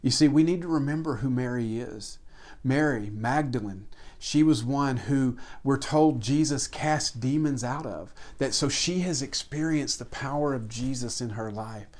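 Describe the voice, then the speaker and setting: Pastor preaching with rhythmic, building lists. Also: male voice, mid-range voice, unhurried. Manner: swings between emphatic rises and hushed, near-whispered passages. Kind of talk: sermon.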